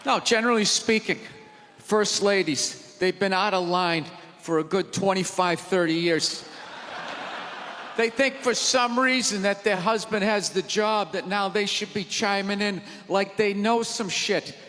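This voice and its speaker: A man doing a stand-up routine in a large theater, ranting loudly and mocking people in put-on voices. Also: high-pitched, a little slow. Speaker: stand-up comedian. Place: large theater with live audience. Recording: live theater recording, hall reverb, audience noise. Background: audience laughter and crowd.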